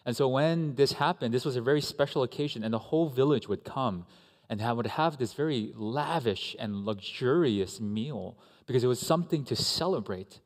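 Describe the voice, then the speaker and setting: A man preaching a sermon at a middle pitch, talking in a conversational way and turning often to his listeners with questions and asides. His voice carries a long hall reverb. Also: normal speed. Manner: conversational, animated, with asides to the congregation. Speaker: pastor. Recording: echoey hall.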